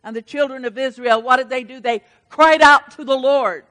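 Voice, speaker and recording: A woman preaching a sermon with an animated, dynamic delivery that swings between hushed and loud. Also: sits high, moderate pace, long reverb tail, rough recording.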